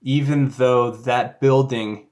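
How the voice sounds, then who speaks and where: A man's voice: mid-range voice, steady tone, slow pace, darkish tone. A man telling a personal faith story in a casual, rambling way, with fillers and restarts. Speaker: YouTuber.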